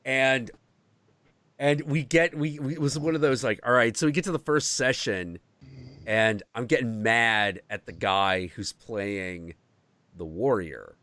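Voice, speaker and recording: A man hosting a podcast, telling a story in casual chat, animated and swearing freely. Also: mid-range voice, measured pace, dry recording. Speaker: podcast host.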